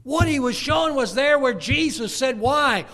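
A man with a high-pitched voice preaching a sermon. He reads scripture aloud and moves between forceful, emphatic preaching and quiet, near-whispered passages. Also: animated, moderate pace.

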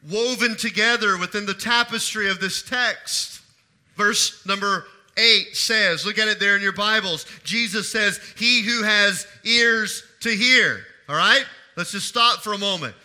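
A man's voice: sits high, bright, forceful tone. A middle-aged man preaching a sermon as pastor, asking the congregation questions and repeating key phrases for emphasis. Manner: asks the congregation questions and pauses for answers.

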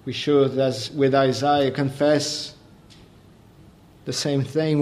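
A man preaching a sermon, explaining calmly and then building to raised, emphatic delivery. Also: medium pitch, slow, pauses often.

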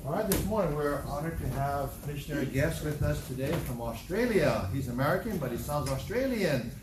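Fast-talking pastor in an echoey, distant hall. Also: male voice, fairly high pitch, expressive. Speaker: pastor hosting the service. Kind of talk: service announcement. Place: church hall. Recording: distant mic in echoey hall, ambient noise.

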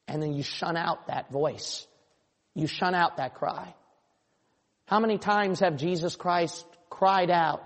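Male pastor, impassioned sermon, high voice, long church reverb. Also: animated, a little slow. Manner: impassioned preaching, voicing imagined listeners.

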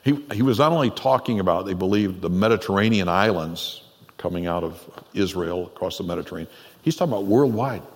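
Pastor, man, lowish voice, chatty animated preaching style, echoing sanctuary reverb. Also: brisk. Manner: conversational, animated, laughs often. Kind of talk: sermon. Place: church sanctuary. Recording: long reverb in a church hall.

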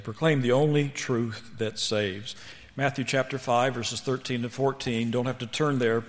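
A man's voice: medium pitch, steady tone, measured pace. A man preaching a sermon to students, emphatic and firing rhetorical questions at the audience. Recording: long reverb of a large hall.

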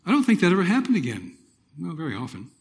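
Man giving a dramatic lively sermon testimony. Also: sits high, quick pace. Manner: dramatic storytelling, swings from loud exclamations to hushed near-whispers. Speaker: preacher.

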